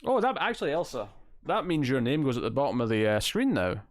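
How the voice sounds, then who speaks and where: A man's voice: medium pitch, very animated, brisk, no room sound, studio quality. A man hosting a casual livestream, chatting and reading out viewer comments in a rambling, self-amused way. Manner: rambling, chatty, laughs at himself. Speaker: livestream host.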